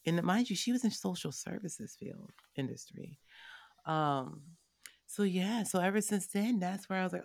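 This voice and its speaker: A woman in her thirties tells a personal family story, leaning on her words with emphatic asides to the listener. Her voice has a slight gravelly edge and sits close and dry on the mic. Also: fairly low pitch, normal speed, no echo. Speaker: board member sharing her family's story.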